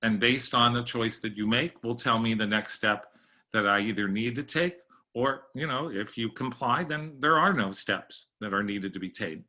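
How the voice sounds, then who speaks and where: A middle-aged man presenting a library staff training webinar, conversational and often clearing his throat. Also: on the low side, pushed and bright.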